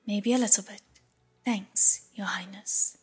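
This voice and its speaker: A breathy-voiced woman voicing a frightened young male wind god who hides his nerves behind bluster, in an audiobook. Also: high-pitched, fairly even intonation, slow pace, soft background music, full character voice. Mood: shaky. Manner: nervous bravado.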